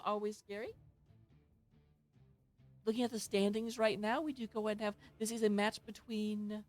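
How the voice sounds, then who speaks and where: A woman casting a live-streamed esports match from her home setup, playful, goofy and self-mocking as she talks into a headset. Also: mid-range voice. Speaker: esports tournament caster.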